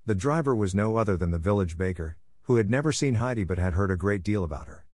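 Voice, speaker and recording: A man narrating an audiobook in a steady, measured reading. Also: on the low side, dry recording, clean studio sound.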